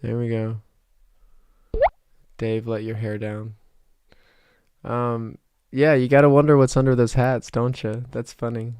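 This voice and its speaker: This young South Georgia streamer, in his twenties, rambles through casual chat with viewers, reading messages and using lots of fillers and restarts. His medium-pitched voice is flat, darkish, and smooth, a little slow with frequent pauses, in clean studio sound with no echo.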